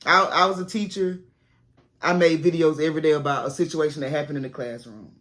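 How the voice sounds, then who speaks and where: A woman's voice: sits low, steady tone, a little fast, fairly bright tone. A woman, a former teacher turned content creator, giving casual, plainspoken advice straight to camera from a classroom set at home.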